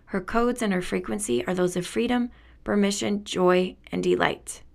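Woman with heavy vocal fry. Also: mid-range voice, moderate pace. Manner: earnest, enthusiastic, laughs often. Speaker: spiritual podcast host. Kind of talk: reflective spiritual monologue.

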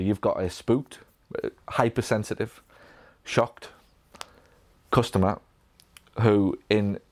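Lowish-voiced man coaching a live room. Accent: Northern English. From England. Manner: energetic, repetitive restarts, acts out patient dialogue. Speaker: physio business coach. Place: event room.

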